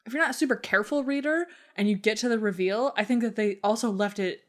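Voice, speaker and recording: A young woman with a slightly high voice talks fast while co-hosting a casual book podcast. There's plenty of laughter, lots of "like," and some swearing.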